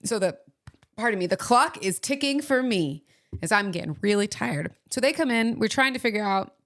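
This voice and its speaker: A woman co-hosting a podcast, telling a story in casual chat and acting out what people said. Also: moderate pace. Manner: animated retelling, acts out quoted lines in a higher voice. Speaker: podcast co-host.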